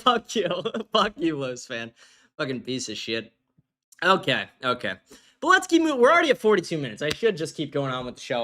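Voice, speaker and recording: Male host, livestream commentary, brash, profane, ranting, bright forceful tone. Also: sits high. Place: green-screen studio.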